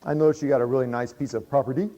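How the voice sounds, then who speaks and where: A man's voice: mid-range voice, fairly even intonation, rapid-fire, mellow, close to an everyday voice. A man voicing an eager, folksy everyman buyer who talks in a casual, drawling way. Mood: pleading. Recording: dull lo-fi recording.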